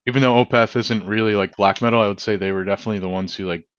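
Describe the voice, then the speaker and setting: A male musician guest in a casual interview, speaking in a relaxed way full of "like" and "um". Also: fairly low pitch, rapid-fire, clear, resonant tone, dry recording, lo-fi sound. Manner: relaxed, lots of "like" and "um" fillers.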